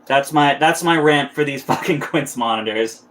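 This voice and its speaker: A man's voice: fairly high pitch, moderate pace, a bit bright, slight background noise. Heated, swearing young man ranting. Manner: heated, profane, with many restarts. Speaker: reptile keeper live-streaming. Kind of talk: casual live-stream rant.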